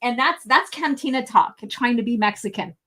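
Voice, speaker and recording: A woman's voice: a little high, normal speed, sharp tone. A woman live-streaming a fan film review, talking casually, laughing and swearing often.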